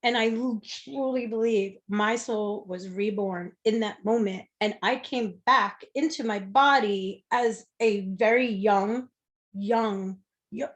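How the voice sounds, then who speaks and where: A woman guest telling a personal story in a conversation, speaking candidly, swearing freely and acting out the people she quotes. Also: mid-range voice. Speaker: interview guest.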